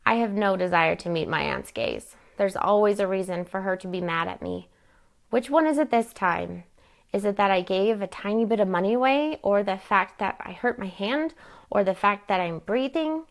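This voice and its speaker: A woman reads her novel aloud in first person, steady and plainspoken. Her mid-range voice carries a noticeable gravelly fry. The odd slip and restart keep it live. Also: mid-range voice. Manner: measured, plain narration with occasional slips. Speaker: author reading her novel.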